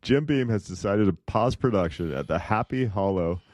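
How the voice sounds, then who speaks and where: Podcast co-host, male, low voice, dry close sound, rambling contrarian chat. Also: expressive, moderate pace, a little mellow, no room sound. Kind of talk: casual investing chat.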